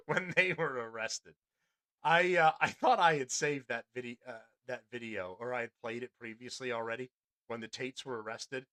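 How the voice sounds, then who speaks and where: A male podcast host talks in a loose, rambling way, full of restarts and blunt profanity. His voice has a bright, forward edge. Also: mid-range voice, moderate pace. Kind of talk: casual commentary on a news clip.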